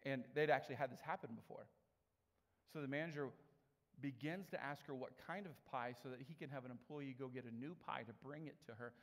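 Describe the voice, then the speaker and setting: A man's voice: mid-range voice, brisk. A man preaching a sermon in a chatty storytelling way, acting out the people in his stories. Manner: conversational storytelling with animated quoted voices. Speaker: pastor. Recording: long reverb of a large hall.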